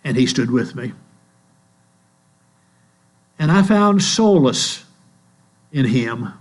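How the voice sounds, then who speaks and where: Older male preacher, middle-pitched, slow earnest sermon delivery, faint hum on the recording. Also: lively intonation. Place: church. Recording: mains hum in the background.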